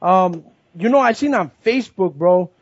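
High-voiced laid-back male host. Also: animated, moderate pace, breathy edge, no room sound, lo-fi sound. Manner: laid-back, laughs often, slips into Spanish words. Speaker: show host. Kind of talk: casual interview chat.

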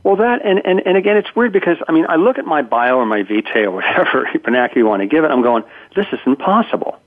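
A man in his fifties talks fast in a slightly high voice over a tinny phone line. He's a guest on a conversational interview, telling stories and acting out quotes, often stammering and restarting.

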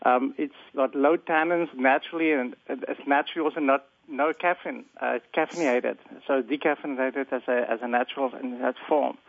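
A man's voice: mid-range voice, steady tone, normal speed, creaky, hardly any pauses, no echo. A man with a South African accent, chatting as a guest on a radio panel with some hesitant restarts. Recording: tinny phone-like line.

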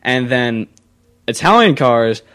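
A man's voice: medium pitch, big pitch swings, fairly bright tone. Young guy rambling about cars, argues every point, talks pretty casual. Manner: opinionated, rambling, quick to argue. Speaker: co-host. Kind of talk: casual car chat on internet radio.

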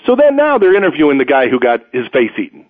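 A man hosting a sports talk radio show, rambling through stories and blunt opinions in an animated, storytelling way. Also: mid-range voice, fast, no room sound. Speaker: radio host. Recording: tinny phone-like radio audio, dry.

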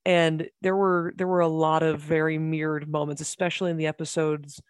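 A podcast guest in casual chat, excitable and gushing, talking in quick bursts. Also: medium pitch, smooth, dry recording, clean studio sound.

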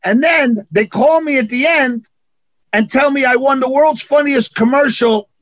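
A man's voice: very high-pitched, measured pace, fairly bright tone, no echo. A man with a New York accent, an actor being interviewed, telling stories in an emphatic, punchy way and repeating phrases for effect. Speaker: actor and martial arts instructor, guest. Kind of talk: animated interview storytelling.

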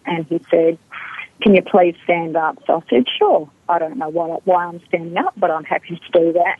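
A woman's voice: on the low side, breathy edge, dry recording. A middle-aged woman from Australia, a guest telling a personal story and acting out the lines of the people in it. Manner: animated storytelling, acts out quoted dialogue. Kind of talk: storytelling in an interview. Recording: tinny phone line.

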